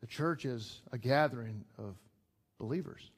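A man's voice: medium pitch, measured pace, slightly rough. A middle-aged man preaching a sermon to a small church group in a conversational way, building to emphatic peaks. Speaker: pastor. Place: church gathering.

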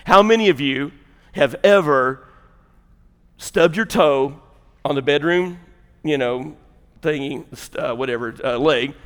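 A male pastor with a Southern US accent preaching a sermon. He talks in a folksy, joking way and works up to loud, emphatic preaching. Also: on the high side, takes it slowly, pauses often, in a large hall. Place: church sanctuary.

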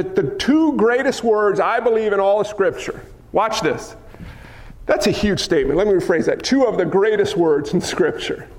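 A man preaching a sermon as a dramatic story, with repeated lists and rhetorical questions, sometimes dropping to a whisper. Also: high-pitched. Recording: long hall reverb.

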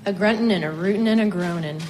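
A woman reading a story aloud in a measured, expressive way. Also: mid-range voice, a little hiss or hum, poor audio. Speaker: reader.

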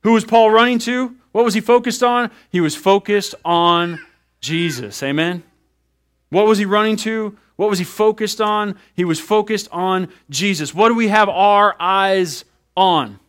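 A man in his thirties, a pastor giving a sermon in an animated, conversational way, acting out little asides. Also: high voice, unhurried, smooth.

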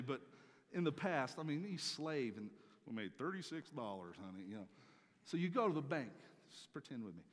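Male pastor delivering a sermon; very expressive, punches key words then drops low, echoing sanctuary. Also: a little hiss or hum. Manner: animated, swings between loud emphatic peaks and quiet asides.

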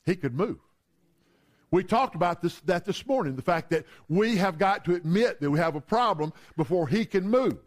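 Male preacher, high voice, chatty storytelling sermon style. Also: animated, moderate pace. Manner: conversational, storytelling with humor.

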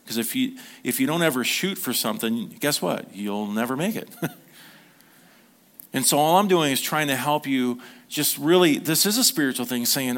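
A man's voice: medium pitch, lively intonation, moderate pace, a bit bright. Conversational middle-aged male pastor. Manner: conversational, with many restarts and acted-out quotes. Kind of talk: informal sermon teaching.

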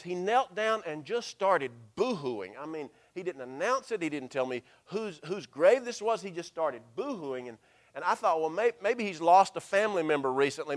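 A man, a pastor telling a story from the pulpit with a slightly high voice. He speaks earnestly and drops to a hushed, slow delivery when he quotes scripture. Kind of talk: sermon storytelling.

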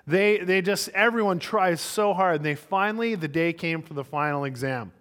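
A man preaches to his congregation, telling stories with lively delivery and acting out their characters. His voice sits a little high for a man. A long reverb from the large hall trails behind every phrase. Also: normal speed. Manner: animated storyteller, voices the people in his stories. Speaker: pastor. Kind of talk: sermon with storytelling.

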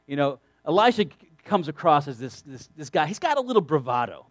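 A man with a high voice preaches a sermon to a room of young people. His delivery swings widely up and down as he reads scripture and stops to drive points home with emphatic asides. The sound is dry and close. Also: big pitch swings, quick pace, no echo. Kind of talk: sermon to a youth group.

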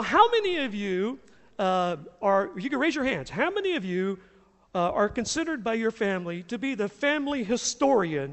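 A middle-aged man from the US South, a pastor preaching a sermon and telling stories in an animated, chuckling way. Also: sits high, in a large hall. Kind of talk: sermon with storytelling. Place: church sanctuary.

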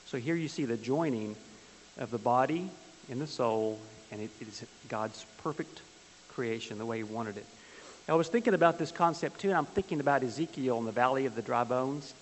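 A man's voice: mid-range voice, a little fast. A man teaching a church Bible class with a folksy, joking manner, telling stories and asking the class questions. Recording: hissy, long-reverb hall.

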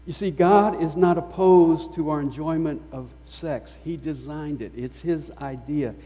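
A man with a Southern US accent preaching a sermon as pastor, emphatic, swinging between loud declarations and hushed lines. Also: a little high, unhurried, husky. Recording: long reverb of a large hall.

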